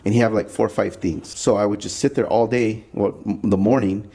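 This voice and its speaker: A man as a podcast guest, telling his story in a loose, chatty way and acting out the people he quotes. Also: brisk. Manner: animated, acts out quoted people with jumps in pitch; loose and chatty, many "like" fillers. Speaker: podcast guest, pinstripe artist. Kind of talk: casual storytelling conversation.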